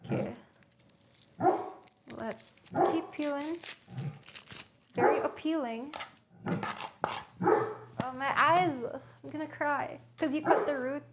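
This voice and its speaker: A woman's voice: high-pitched, takes it slowly, long pauses, very noisy. A young woman livestreaming from a home kitchen, casually chatting and thinking aloud as she reads a recipe to her viewers. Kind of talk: casual cooking stream chat.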